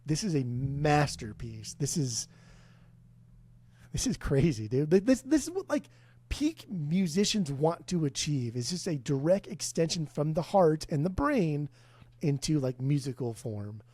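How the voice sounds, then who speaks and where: A man co-hosting a casual music podcast, loud, profane and rambling with enthusiasm, a few beers in. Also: on the high side, very animated, unhurried, no room sound. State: tipsy from beers. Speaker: podcast co-host.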